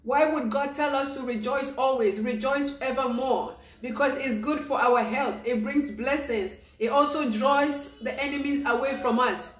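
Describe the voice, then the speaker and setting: A woman preaching an informal devotional sermon, excited and repetitive, acting out the people she quotes. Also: high-pitched, moderate pace, few pauses, roomy sound.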